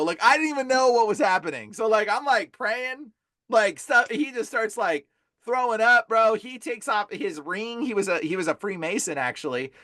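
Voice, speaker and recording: Animated high-pitched man telling stories. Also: no room sound, studio quality. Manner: animated, fillers like "like" and "bro". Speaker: guest, deliverance minister. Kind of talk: casual storytelling.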